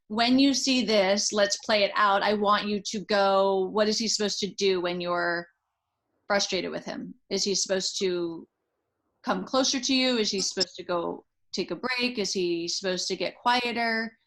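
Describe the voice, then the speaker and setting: A woman's voice: medium pitch, normal speed, fairly bright tone, rough recording. A woman psychologist talks a parent through a problem in a careful, coaching manner. Her voice sits in an ordinary middle register as she chooses her words with care. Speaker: child psychologist advising a parent. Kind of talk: supportive advice.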